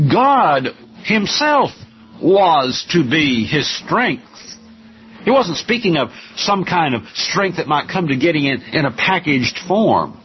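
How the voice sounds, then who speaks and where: A man preaching a sermon slowly and emphatically, with dramatic pauses. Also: on the high side, highs cut off, a little hiss or hum.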